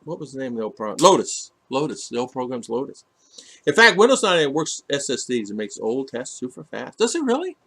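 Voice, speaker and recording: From his home in the Philippines, a man hosts a casual livestream, reading viewer comments aloud and rambling through them with plenty of fillers and restarts. His medium-pitched voice is bright and forceful, very animated, and a little fast.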